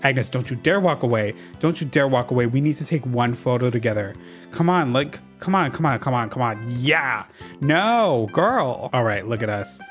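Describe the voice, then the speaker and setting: A gaming YouTuber giving casual let's-play commentary, excitable and dramatic, using lots of slang and talking to the characters on screen. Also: mid-range voice, normal speed, soft background music. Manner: talks to game characters while playing.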